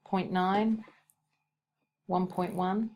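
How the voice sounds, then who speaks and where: A woman's voice: fairly low pitch, little pitch movement, very slow, a little mellow. A woman teaching a recorded maths lesson, thinking aloud as she works and correcting herself now and then.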